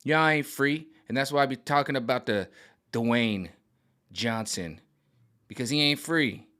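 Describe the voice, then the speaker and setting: A man rants straight into his camera, animated and mocking as he rambles. His voice is bright and forward, at a middling pitch. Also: unhurried. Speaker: vlogger. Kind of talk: ranting monologue. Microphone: camera on gimbal.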